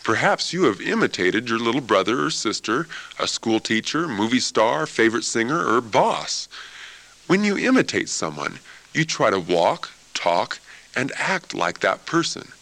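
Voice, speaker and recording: Male music teacher, classroom lesson, expressive, lively pitch, playful. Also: unhurried, creaky. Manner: expressive, playful, imitates chicken sounds.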